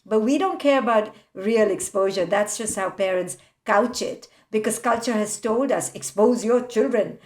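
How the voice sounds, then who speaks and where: A woman psychologist, the guest in a podcast interview, telling animated stories about parents and laughing often. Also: mid-range voice, normal speed, hardly any pauses. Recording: roomy echoey room.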